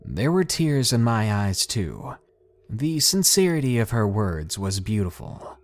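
A man narrating a first-person story in a dramatic, expressive storytelling manner. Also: on the low side, unhurried.

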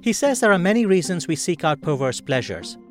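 A man's voice: sits high, very animated, a little fast, faint music behind. A man hosting a podcast, interviewing a guest in a thoughtful, conversational way. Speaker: podcast host.

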